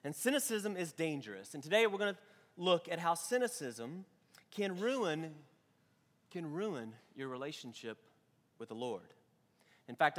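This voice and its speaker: A man who is a pastor, giving a sermon to his church with lively, chatty storytelling. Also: fairly high pitch, big-room sound. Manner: animated storytelling with nervous laughs.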